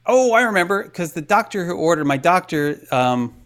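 A man co-hosting a podcast, telling a story in casual chat and acting out quotes with hushed asides. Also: high-pitched, lively intonation, moderate pace. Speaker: podcast co-host.

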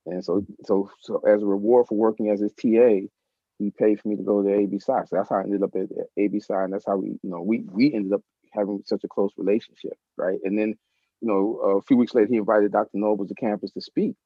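A middle-aged man in a casual interview, telling an anecdote in an animated way and acting out the voices of people in it. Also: lowish voice, fast talker, dry recording. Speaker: interview guest. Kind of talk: casual storytelling. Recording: slightly muffled dry recording.

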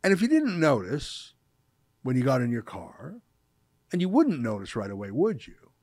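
A man's voice: medium pitch, huge pitch swings, normal speed, darkish tone, dry recording. Sarcastic male commentary host. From Canada. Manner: sarcastic, mocking, emphatic. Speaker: show host. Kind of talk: opinion commentary monologue.

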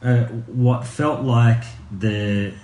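A man's voice: medium pitch, steady tone, very slow, dark tone. A man co-hosting a podcast, chatting casually and thoughtfully, now and then breaking into laughing rants. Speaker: podcast co-host. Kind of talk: casual chat. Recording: echoey room with faint hiss.

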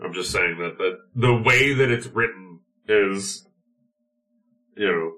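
Stuffy-nosed man with a bright voice. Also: sits low, slow pace, rough recording. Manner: jokey, drops quips. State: stuffed-up nose. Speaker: podcast co-host. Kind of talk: casual chat.

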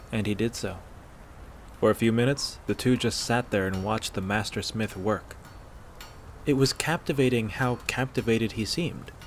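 A man narrating a fan-fiction story aloud in a steady, measured way. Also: fairly low pitch, slight background noise.

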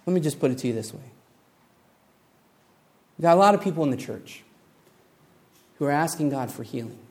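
A man preaching a sermon, telling a story with lively acted-out voices, building to emphatic points. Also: a little high, fairly quick. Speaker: pastor.

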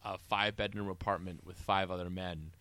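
This movie podcast co-host has a deep, sharp-toned voice with fairly even intonation, and he talks fairly quickly. He chats casually about a film, telling stories and rambling with fillers.

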